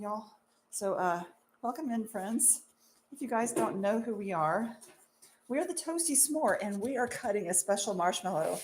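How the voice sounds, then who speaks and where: A young woman who owns a marshmallow shop hosts a casual live stream as she works, excitable and poking fun at herself with lots of exclamations and laughter. Her voice is fairly high and a bit slow, with a slight hiss or hum.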